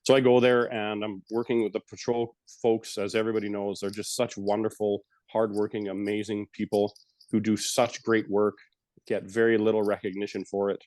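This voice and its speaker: Middle-aged man, low voice, dry close sound; candid, casual, a little salty. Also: little pitch movement, normal speed, darkish tone, no echo. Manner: frank and casual, with some swearing. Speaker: retired police officer and yoga teacher, guest speaker. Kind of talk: guided breathing, then candid personal story.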